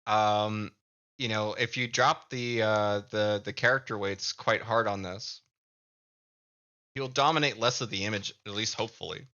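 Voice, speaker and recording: Halting Midwestern man, forceful and low. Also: steady tone, highs cut off. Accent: Midwestern American. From American Midwest. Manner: halting, repeats words while thinking aloud. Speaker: live streamer and comic creator. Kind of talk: casual live-stream chat.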